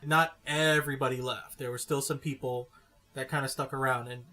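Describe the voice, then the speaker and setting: A man's voice: mid-range voice, fairly even intonation, a little fast, bright, forceful tone. A man co-hosting a casual movie review podcast, chatty and often restarting his words. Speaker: podcast co-host.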